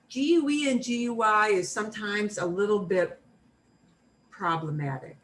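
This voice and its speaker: An American woman teaching a beginners' Spanish class, slowly modeling each word for her students to repeat. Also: on the high side, lively intonation, fairly bright tone. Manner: slow, clear modeling of words for repetition. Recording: room mic from a distance, faint noise.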